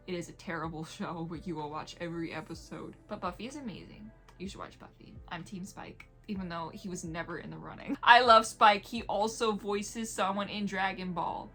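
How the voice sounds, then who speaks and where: A woman's voice: lowish voice, pushed and bright. A woman reviewing an audiobook in a chatty, rambling way, laughing often and drifting into tangents. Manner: playful whispers when mimicking vampires. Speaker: book reviewer. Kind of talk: casual video review.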